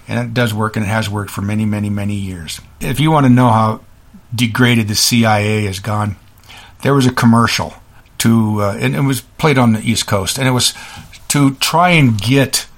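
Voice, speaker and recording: A man hosting a political commentary show, ranting scornfully in quick bursts with frequent restarts. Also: on the low side. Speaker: host.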